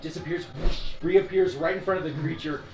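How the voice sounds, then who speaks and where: A man narrating a tabletop game as dungeon master, animated and often laughing. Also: on the high side, brisk. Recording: echoey room with music.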